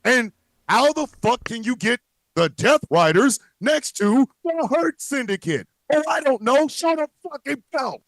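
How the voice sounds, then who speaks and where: Man, very high voice, angry profane rant, dry close sound. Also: expressive, measured pace, no room sound. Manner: angry, heavily profane, shouting at times. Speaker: show host.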